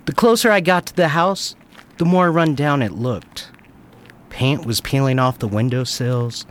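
A man narrating a first-person story in a lively, wry way. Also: mid-range voice, measured pace.

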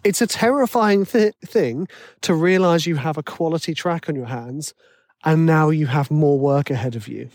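A man's voice: fairly high pitch, normal speed, a little mellow, no echo, clean studio sound. A man talking casually and giving advice about writing music, chatty and self-deprecating. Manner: chatty, self-deprecating, acts out worried inner voices. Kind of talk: casual solo monologue.

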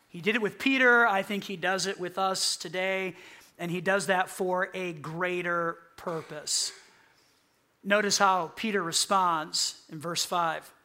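A man preaching a sermon as a pastor, animated and acting out quoted lines with sarcasm. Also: high voice.

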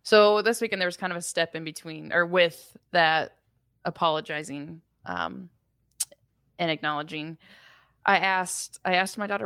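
A woman's voice: fairly low pitch, normal speed, fairly bright tone, clean tone, no room sound, studio quality. A woman in her thirties co-hosting a parenting podcast, telling a candid story about her child in a reflective, self-mocking way. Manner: candid, reflective, laughs at herself. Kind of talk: casual conversational storytelling.

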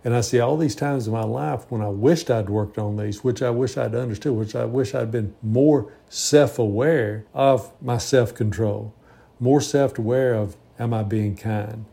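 An older man in his sixties speaks in a gravelly, dark-toned voice. He talks in an earnest, reflective way, rambling and restarting his sentences as he goes. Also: mid-range voice, normal speed. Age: 60s. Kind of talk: reflective monologue.

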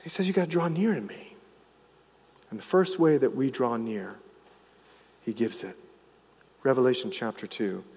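A male pastor preaching a sermon, swinging from loud, emphatic lines to hushed, low ones. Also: normal speed, long pauses, breathy edge, long reverb tail.

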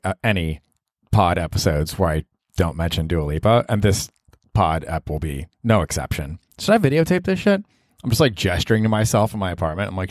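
Low, dry-voiced man rambling solo. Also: darkish tone, dry recording. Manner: rambling and self-deprecating, with bursts of mock voices. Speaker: podcast host. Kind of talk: casual solo podcast monologue. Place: his apartment.

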